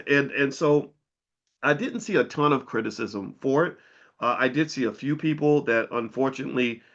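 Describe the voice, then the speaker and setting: A man in the middle pitch range delivers a casual monologue, lively and opinionated, leaping up in pitch when he mimics others. The sound is somewhat dull and lo-fi. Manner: animated, mimics voices with big pitch jumps. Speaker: commentator and former professor.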